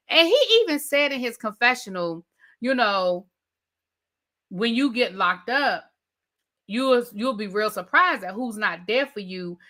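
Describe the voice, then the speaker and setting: A woman hosting a live review, retelling scenes in a lively way and mimicking the people she describes. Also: mid-range voice. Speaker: TV review channel host. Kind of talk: live rant and recap of a reality show.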